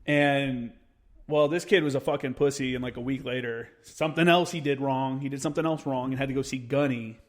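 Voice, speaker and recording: Male veteran, thirties, mid-pitched, casual and foul-mouthed podcast storyteller. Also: brisk. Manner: profane, animated storyteller who acts out quotes. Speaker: podcast speaker, military veteran.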